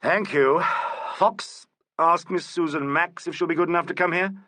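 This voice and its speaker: A man voicing a polite, urbane police inspector who questions suspects with gentle irony, in an audiobook. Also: on the high side, fairly even intonation, normal speed, dry recording, voice pushed up. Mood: questioning. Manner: courteous, urbane, gently ironic. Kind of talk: audiobook character voice.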